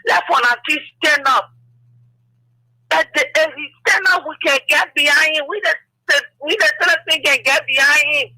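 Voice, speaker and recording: A woman phones in to a talk show with a passionate plea. Her voice is high and very bright, close and dry. She begs and raises her voice as she speaks. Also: normal speed, dry recording, poor audio. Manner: pleading, emotional, raises voice. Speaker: caller. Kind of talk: impassioned call-in plea.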